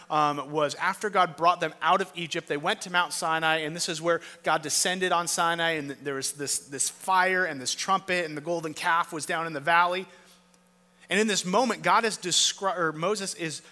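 Male pastor, slightly high and sharp-toned, emphatic sermon delivery, long hall reverb. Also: normal speed. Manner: emphatic, rhetorical questions, swings from loud to hushed.

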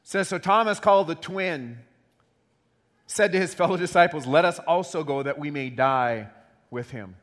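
Man preaching, animated, acts out quotes, slightly high voice, reverberant hall. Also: normal speed. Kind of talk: sermon.

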